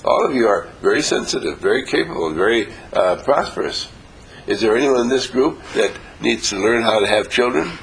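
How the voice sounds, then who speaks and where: A man leading a motivational seminar before a live audience, acting out little dialogues and coaxing the room to answer louder. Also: medium pitch, brisk, gravelly, slight background noise, rough recording. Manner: animated, acts out little dialogues. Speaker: seminar leader.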